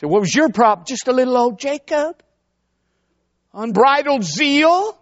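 A man's voice: very high voice, fast talker, no room sound. A man preaching a sermon to a congregation, telling a story and calling out to the crowd. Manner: animated storyteller, calls out to the congregation. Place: church before a congregation. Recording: dull, lo-fi sound.

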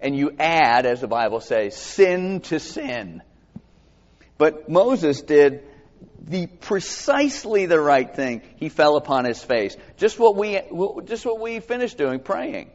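A man's voice: on the high side, takes it slowly. A man preaching a conversational sermon to a congregation, reading scripture aloud and asking them questions. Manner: animated, expressive, asks the congregation questions. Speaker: pastor. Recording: dull sound with long hall reverb.

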